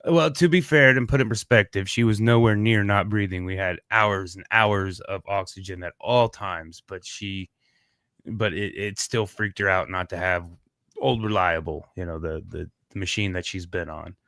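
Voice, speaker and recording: A man's voice: deep voice, moderate pace, a bit bright, no echo, studio quality. A man co-hosting a podcast, chatting casually in a laid-back, rambling way that trails off and restarts. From Kansas, USA. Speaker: podcast co-host. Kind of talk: casual chat.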